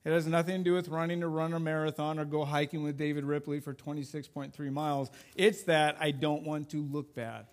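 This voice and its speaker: Man preaching in church, high voice, joking, self-deprecating, conversational. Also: level tone, brisk, few pauses. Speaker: youth pastor. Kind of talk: sermon. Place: church before a congregation.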